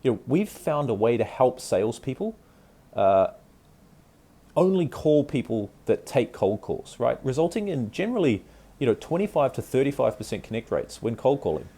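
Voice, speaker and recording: Man playing a deferential cold caller, raised pitch, upward inflection, eager, mellow tone. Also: very animated, moderate pace, husky. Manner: upward inflection, pitch rising all over the place.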